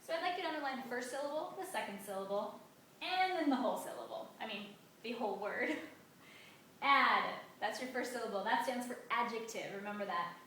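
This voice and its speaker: A woman teacher gives a grammar lesson in a bright, fairly high voice, leaning hard on key words and drawing them out. She is recorded from some distance in a very echoey classroom with faint background noise. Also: animated. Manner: emphatic, drawn-out stresses on key words. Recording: echoey room, mic at a distance.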